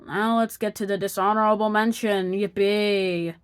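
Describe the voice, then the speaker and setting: A woman's voice: medium pitch, lively intonation, moderate pace. Sarcastic woman reviewing cartoon episodes. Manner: sarcastic, exasperated, drops to mutters. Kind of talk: opinion review voice-over.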